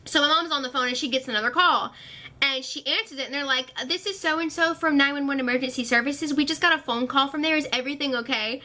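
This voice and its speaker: A young woman telling a storytime vlog, animated and full of fillers, acting out what others said. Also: high-pitched, fast talker. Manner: animated, filler-heavy retelling, acting out quotes. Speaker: vlogger.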